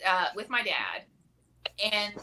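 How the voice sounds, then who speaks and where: A woman's voice: medium pitch, big pitch swings, slow pace. Chatty woman telling a story, lots of likes and rights, noisy clicky background. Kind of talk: casual storytelling. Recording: clear background noise with clicks.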